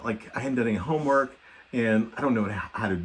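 A man's voice: medium pitch, fast, a little hiss or hum. Middle-aged man, podcast co-host, rambling and self-mocking, plenty of ums and likes, ordinary mid-range voice. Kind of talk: casual storytelling chat.

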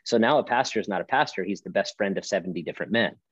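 Brief: male pastor guest, low voice, emphatic preaching cadence, dull lo-fi sound. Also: racing, fairly bright tone, husky, dry recording. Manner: emphatic, preacherly, rhetorical questions. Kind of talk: podcast conversation.

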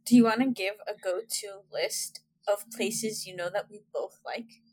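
A woman's voice: medium pitch, a little slow, darkish tone, a little hiss or hum. A woman co-hosting a casual podcast, direct and teasing. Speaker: podcast co-host. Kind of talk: casual chat.

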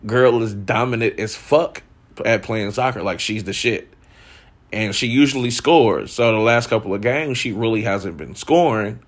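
A man's voice: lowish voice, normal speed. A man in his thirties hosting a candid personal monologue, frank and reflective, swearing freely and saying "like" a lot. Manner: frank, profane, reflective, lots of filler "like". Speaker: host.

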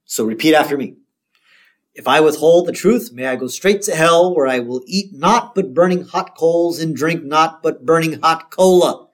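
A man putting on the voice of a stern, pompous preacher, delivering a solemn, slow warning. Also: fairly high pitch, pitched above the performer's own voice, close to an everyday voice.

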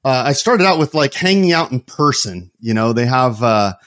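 A man's voice: medium pitch, very animated, moderate pace, fairly bright tone. A man co-hosting a podcast, chatting casually and laying out a topic. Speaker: podcast co-host. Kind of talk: casual chat.

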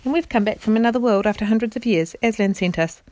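A woman voicing an earnest, impatient schoolgirl in a storybook reading, raising her voice high and insistent. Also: quick pace, warm tone, no room sound, natural voice. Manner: eager, exasperated, high and insistent.

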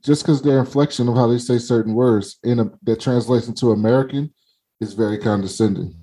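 A man with a mellow, raspy voice chatting on a podcast. He talks bluntly and swears freely. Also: mid-range voice, a little fast, low-quality recording. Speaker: podcast co-host. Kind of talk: casual chat.

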